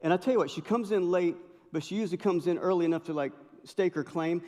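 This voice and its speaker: A man giving an animated, conversational sermon as a guest chapel speaker, telling stories with frequent restarts. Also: sits high, fast. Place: university chapel. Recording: long reverb of a large hall.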